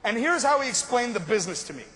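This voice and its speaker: Young guy from montreal telling his story, high voice, jokey and casual, little hiss behind. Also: sing-song, quick pace, pushed and bright. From Montreal, Canada. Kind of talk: motivational storytelling talk.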